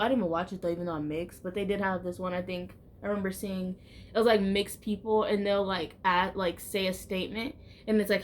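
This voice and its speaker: A woman's voice: mid-range voice, slight background noise. A woman talks to her viewers in a loose, casual vlog. She rambles and circles back on herself, leaning on "like" in almost every phrase. Her voice sits in an ordinary middle range. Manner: rambling, heavy use of "like" fillers. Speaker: YouTuber.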